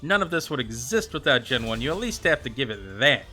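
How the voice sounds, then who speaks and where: Over soft background music, a streaming man talks loosely with his viewers, addressing them by name and rambling with many fillers. His mid-range voice is pushed and bright, a little fast, with big swings in pitch.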